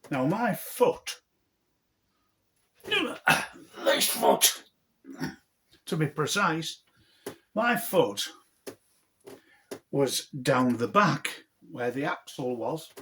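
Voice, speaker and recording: A middle-aged man, telling a funny story from his own life in an animated, earthy, self-mocking way. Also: fairly high pitch. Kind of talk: humorous personal storytelling.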